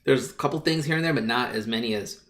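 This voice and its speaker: A man hosting a casual podcast chat, excitable and rambling, full of fillers and quick asides. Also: medium pitch.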